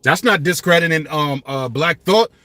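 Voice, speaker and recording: Fifties guy ranting about rap on his channel, high voice, sharp and bright, real passionate. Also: moderate pace, no echo. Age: 50s. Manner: passionate, emphatic, street slang. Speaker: channel host. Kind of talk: passionate hip-hop commentary.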